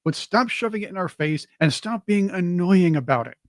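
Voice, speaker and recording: A man's voice: high-pitched, expressive, normal speed, no room sound, clean studio sound. A man co-hosting a casual talk show, joking and laughing easily. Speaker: co-host. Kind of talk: casual chat.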